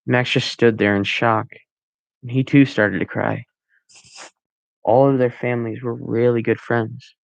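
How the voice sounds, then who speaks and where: A man reading his own story aloud, halting now and then with restarts and corrections. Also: medium pitch, gravelly, no echo. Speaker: amateur story reader.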